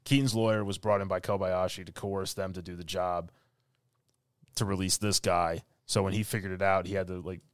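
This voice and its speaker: A man's voice: low-pitched, steady tone, a little fast, clear, resonant tone, no room sound, studio quality. A man co-hosting a podcast, casually recapping a film and acting out lines in silly voices. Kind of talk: casual chat.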